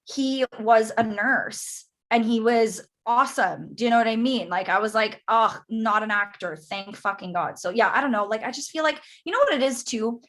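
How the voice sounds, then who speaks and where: A woman's voice: on the high side, animated, normal speed, few pauses, a bit bright. A young woman from Canada, chatting casually as a podcast guest, with lots of fillers and acted-out quotes.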